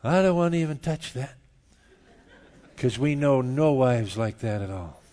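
A middle-aged man preaching a sermon, telling stories and swinging from quiet asides to loud outbursts. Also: medium pitch, animated, a little slow. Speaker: pastor. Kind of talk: sermon with storytelling.

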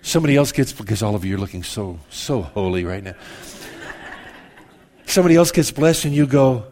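A man in his fifties preaching a sermon in a church, conversational and self-mocking, swinging from loud exclamations to hushed confessions. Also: on the low side, expressive, a little fast. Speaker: pastor.

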